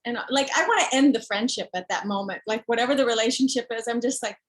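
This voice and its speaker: Frank, emphatic woman author, fairly high voice. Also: fast, hardly any pauses, rough recording. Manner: frank, emphatic, acts out what others say; swears when heated. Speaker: children's book author. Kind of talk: candid conversation.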